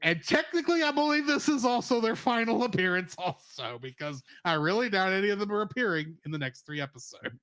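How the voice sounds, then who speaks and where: A man with a high, very lively voice co-hosts a casual review podcast. He talks animatedly and laughs often. The sound is dry and close. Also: fairly quick, few pauses, clean tone, dry recording. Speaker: podcast co-host.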